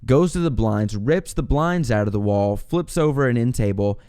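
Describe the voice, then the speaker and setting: Young male podcast host, smooth clear tone, mid-range pitch, loose animated storytelling with swearing. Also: normal speed. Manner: animated, swearing, laughing storyteller who acts out quotes. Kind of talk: casual storytelling monologue.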